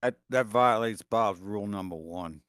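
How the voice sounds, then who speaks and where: A man's voice: lowish voice, moderate pace, fairly bright tone, clear, resonant tone, no room sound, clean studio sound. A man chatting as a guest on a livestream, folksy, laying out his rules of life matter-of-factly. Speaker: guest caller. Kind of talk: casual chat.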